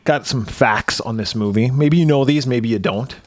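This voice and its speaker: A man's voice: mid-range voice, moderate pace, no echo, studio quality. A man co-hosting a podcast, casually reading off film trivia and laughing often. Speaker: podcast co-host. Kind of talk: casual movie chat.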